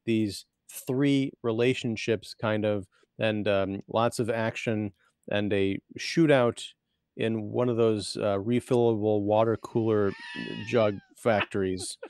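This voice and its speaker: A man's voice: lowish voice, steady tone, slow, a little mellow, clear, resonant tone, dry recording. A man co-hosting a casual movie podcast who gives a rambling plot recap full of fillers. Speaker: podcast co-host.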